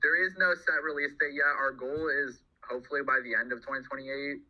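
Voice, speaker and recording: A man's voice: mid-range voice, fairly even intonation, a little fast, dull audio. A man, a game developer, hosting a casual Q&A. He rambles, restarts his sentences and laughs often.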